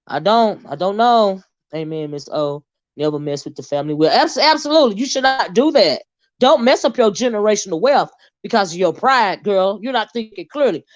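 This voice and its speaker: A woman's voice: medium pitch, no echo, muffled recording. A woman hosting a casual live-stream commentary, sassy, blunt and profane as she talks to her viewers. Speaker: host.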